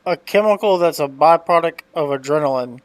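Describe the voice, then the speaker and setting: A man's voice: fairly high pitch, fairly quick, smooth, dry recording. A man reading search results aloud during a casual chat, a bit stiffly, tripping over words. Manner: reads stiffly, trips on words.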